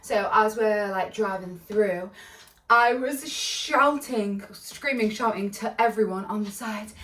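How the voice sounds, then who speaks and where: A woman's voice: mid-range voice, takes it slowly, fairly bright tone, far from the mic. A woman telling a storytime vlog in a bubbly, giggly, rambling way, full of side notes. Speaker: vlogger. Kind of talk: casual storytime. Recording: echoey room, voice a bit off-mic.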